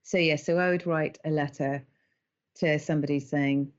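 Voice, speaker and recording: A middle-aged woman, an animated storyteller who laughs often as a podcast guest. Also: deep voice, moderate pace, lo-fi sound. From England. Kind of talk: conversational interview.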